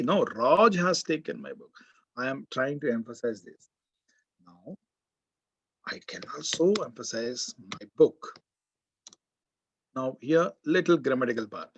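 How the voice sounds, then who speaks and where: A man's voice: fairly high pitch, fairly bright tone, slightly rough. A man with an Indian English accent giving a college grammar lecture, repeating key words and quizzing the class. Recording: dull, muffled lo-fi sound.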